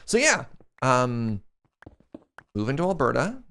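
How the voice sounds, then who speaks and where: A man's voice: medium pitch, wildly swooping pitch, slow pace, pushed and bright, clean tone. A young man streaming a game, chatting casually and joking as he answers chat questions. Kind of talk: casual live-stream chat while playing.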